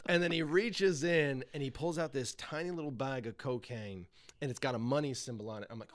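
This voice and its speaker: A man's voice: medium pitch, fast talker. A man telling a wild party story as a podcast guest, swearing a lot and laughing often. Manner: profane, animated, laughs often. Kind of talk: casual storytelling.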